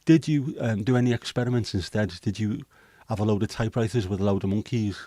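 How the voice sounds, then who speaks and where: Hosting a casual livestream, a man from Liverpool reads through viewer comments in rambling, hesitant banter, swearing now and then. His voice is on the low side with a dark tone, he speaks quickly, and the recording is dry.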